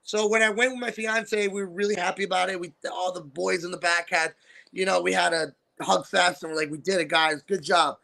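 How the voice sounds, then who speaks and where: A man hosting a podcast, telling stories in a lively, animated way and acting out the voices of the people in them. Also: sits high, fairly quick, gravelly. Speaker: podcast host and wrestling promoter. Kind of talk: casual storytelling chat.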